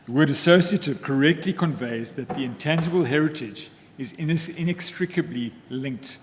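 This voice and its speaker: A man arguing a case in court, formal and measured, with some restarts. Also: on the high side, noisy background. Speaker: advocate in court. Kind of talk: legal argument in court. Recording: long reverb of a hall, faint ambience.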